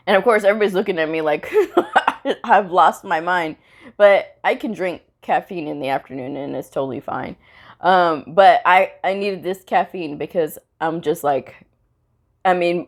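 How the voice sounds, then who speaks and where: A woman who teaches medical coding, chatting casually in a vlog and telling a story about her workday, laughing often and acting out the dialogue. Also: on the low side. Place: at home after work.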